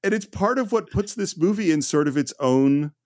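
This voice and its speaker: A man's voice: fairly high pitch, animated, moderate pace, darkish tone, no echo, clean studio sound. A man hosting a podcast, chatting enthusiastically as he recaps an old film. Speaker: podcast host. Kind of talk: casual film discussion.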